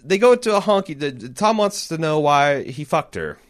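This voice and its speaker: A man's voice: fairly high pitch, very animated, moderate pace. A man co-hosting a podcast in casual chat, thinking aloud and swearing freely as he rambles through a story recap. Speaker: podcast co-host.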